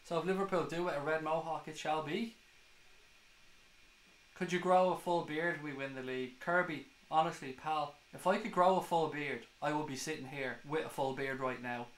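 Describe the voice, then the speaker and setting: A man's voice: a little high, fairly even intonation, moderate pace, roomy sound, poor audio. A man hosting a football fan live stream, chatting casually and swearing as he reads viewer comments. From Ireland.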